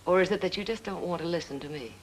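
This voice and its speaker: An actress playing a composed young woman asking for help, speaking in a polite, cool and measured 1940s film style. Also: fairly low pitch, a little hiss or hum, natural voice, rough recording.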